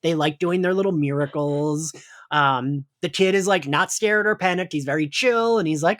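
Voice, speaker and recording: A man's voice: a little high, moderate pace, fairly bright tone. A man co-hosting a podcast in casual chat, rambling and peppering his talk with "like". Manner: chatty, rambling, full of "like" and restarts. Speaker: podcast co-host.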